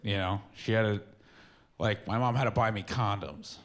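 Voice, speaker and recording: A man doing stand-up, rambling and self-deprecating, breaking into sudden shouts. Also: fairly low pitch, moderate pace. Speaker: stand-up comedian. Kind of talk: stand-up storytelling. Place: stage with a live audience. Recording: live stage recording with faint room noise.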